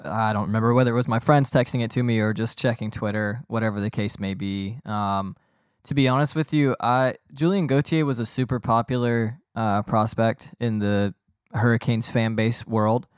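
A man's voice: lowish voice, fairly even intonation, normal speed, clean tone, no room sound, studio quality. A young man hosting a podcast, rambling and joking in a boastful, casual way. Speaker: podcast host.

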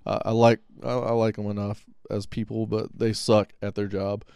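A man co-hosting a podcast, chatting casually in a rambling flow full of fillers and restarts. His voice sounds smooth and clear, recorded close to the mic in a dry, dead room. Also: fairly low pitch, level tone, normal speed, mellow, dry recording. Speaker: podcast co-host. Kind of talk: casual chat.

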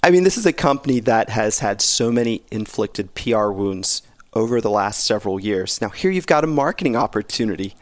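A man's voice: on the low side, expressive, a little fast, hardly any pauses, no room sound. A man giving his opinions as a podcast guest, wry and opinionated, with laughs in his talk. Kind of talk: casual podcast chat.

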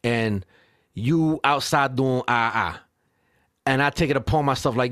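A man on a podcast, ranting in casual chat, profane and animated, punctuating points with "right?". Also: medium pitch, unhurried, dry recording, clean studio sound. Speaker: podcast co-host.

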